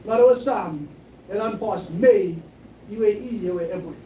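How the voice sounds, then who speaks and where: A man's voice: sits high, a little slow, dark tone. A man preaching a sermon, switching between English and Chuukese and repeating his phrases. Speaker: pastor. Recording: echoey room, mic at a distance, faint noise.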